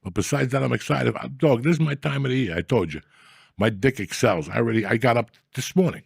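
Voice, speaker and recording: Podcast host, middle-aged man, husky voice, dry close sound, profane and rambling, gruff comic delivery. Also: medium pitch, fast, no room sound. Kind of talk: casual comedic rant.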